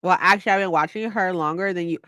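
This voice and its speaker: A woman's voice: on the low side, fast talker, a bit bright, no echo. A woman in her twenties casually chatting on a livestream, playful and mock-dramatic as she reads her chat aloud. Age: 20s. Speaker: livestream host.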